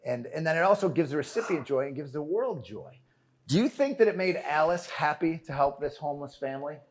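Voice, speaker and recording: A man's voice: fairly high pitch, a little fast, slight background noise. A man giving a motivational keynote on stage, telling a story with jokes and calling the audience "friends". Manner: animated, joking, calls the audience "friends". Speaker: keynote speaker. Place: conference stage before a live audience.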